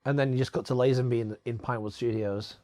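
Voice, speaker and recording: A man's voice: medium pitch, steady tone, quick pace, a little mellow, dry recording. A man co-hosting a casual film commentary, joking and laughing, stopping and restarting a lot. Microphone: wired microphone.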